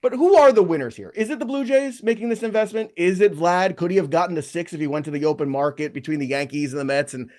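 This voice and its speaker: A man's voice: fairly high pitch, quick pace, hardly any pauses, a little mellow. Playful rambling male podcast host. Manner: playful, rambling, stumbles over words. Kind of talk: casual podcast banter.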